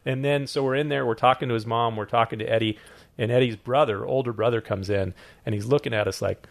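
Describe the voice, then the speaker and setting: A man, a pastor co-hosting a casual talk about sermon questions, telling stories quickly and acting out quotes. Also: on the low side, vocal fry. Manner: storytelling, quick and animated, acts out quotes. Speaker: pastor and podcast co-host.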